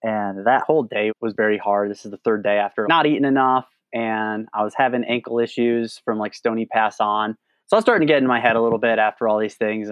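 A man's voice: medium pitch, fairly bright tone, clear, resonant tone, no echo, highs cut off. A man, a podcast guest, telling a long trail story in a casual, rambling way, full of "like" and restarts. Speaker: guest, long-distance hiker.

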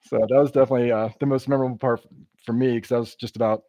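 A man's voice: medium pitch, steady tone, very fast, mellow, no room sound. A man, a podcast guest, telling a hiking story in a casual, descriptive way. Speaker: guest, long-distance hiker.

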